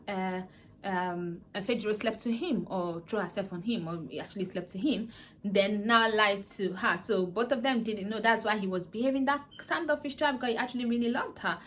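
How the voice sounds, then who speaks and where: Chatty woman recapping a series. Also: medium pitch. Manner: animated, acts out characters' lines, laughs. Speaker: vlogger reviewing a series. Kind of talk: casual chatty plot recap.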